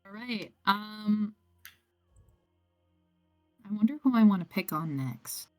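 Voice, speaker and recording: A woman's voice: mid-range voice, animated, slow pace, dark tone, faint music behind. A woman narrating a tabletop game as game master, playful and teasing the players.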